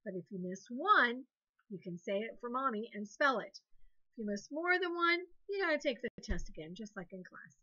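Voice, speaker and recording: A woman teacher gives a recorded online classroom lesson to young children, cheerful and encouraging as she spells words out letter by letter. Her fairly high voice is expressive, pushed and bright, delivered at normal speed with lo-fi sound.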